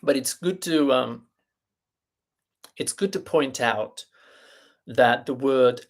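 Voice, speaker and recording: A man teaching a live online language lesson, explaining deliberately with fillers and restarts and spelling out letters and sounds one by one. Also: mid-range voice. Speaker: Italian teacher.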